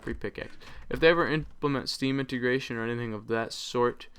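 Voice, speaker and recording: A man's voice: mid-range voice, brisk, a bit bright, clean tone. A man hosting a let's play, chatting casually over his gameplay and rambling with many ums and uhs.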